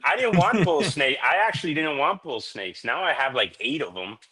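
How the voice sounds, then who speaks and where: A man's voice: medium pitch, sing-song, moderate pace, a crowd in the background. A man guesting on a podcast, telling stories in a laid-back, rambling way, dropping "man" and "dude" constantly. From Florida. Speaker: reptile breeder, podcast guest. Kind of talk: casual storytelling chat.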